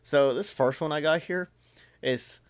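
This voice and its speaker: A man's voice: fairly high pitch, a little slow, smooth, dry recording, clean studio sound. A man reading texts aloud and commenting on them in a casual, amused reaction video.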